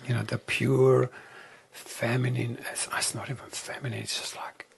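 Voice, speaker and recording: A man talking reflectively as an interview guest, soft-spoken and often dropping into a whisper. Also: mid-range voice, flat delivery, normal speed, creaky.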